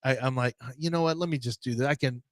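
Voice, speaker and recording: A man from the Houston area co-hosting a sports radio show, telling stories in a casual, animated way and acting out the people in them. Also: medium pitch, fast talker, no room sound. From Houston area, Texas. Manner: animated storyteller, acts out other people's voices.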